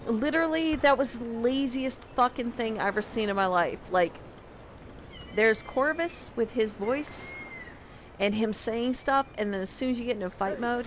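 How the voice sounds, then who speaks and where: A woman's voice: a little high, slight background noise. A young woman casually recapping a game, sarcastic and profane in her exasperation. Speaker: game reviewer.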